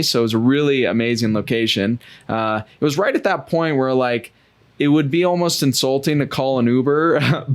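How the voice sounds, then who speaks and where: A man's voice: medium pitch, smooth. Chatty man hosting a podcast. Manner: chatty, self-joking storytelling. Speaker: podcast host. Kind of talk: casual podcast monologue.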